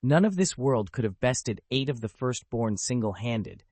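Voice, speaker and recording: A man voicing a proud pirate prince in an audiobook, calm and dignified with a faint ironic edge. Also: mid-range voice, moderate pace, dry recording, lightly acted. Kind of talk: audiobook character voice.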